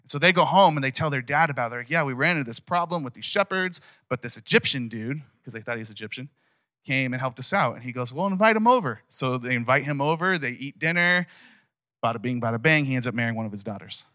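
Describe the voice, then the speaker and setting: A man's voice: mid-range voice, fast, sharp tone, no room sound, studio quality. A man preaching a casual sermon as a pastor, retelling a Bible story in a conversational, emphatic way.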